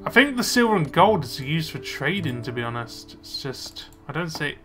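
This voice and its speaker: A man's voice: on the high side, big pitch swings, normal speed, music in the background. A young man casually commenting on his gameplay, muttering to himself as he plays. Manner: chatty, muttering to himself while playing. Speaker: let's play gamer.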